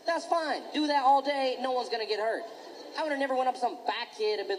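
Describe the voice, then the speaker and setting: A male stand-up comedian works a live audience, his pitch swinging widely as he slips into mocking voices. His delivery is animated. A noisy stage recording sits around him. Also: fairly quick.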